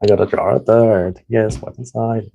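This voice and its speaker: A man's voice: lowish voice, steady tone, normal speed, creaky, mellow, highs cut off, pitched above the performer's own voice. A man imitating a boastful, cheeky male pirate captain from a film, in a singsong, teasing way. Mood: gleeful.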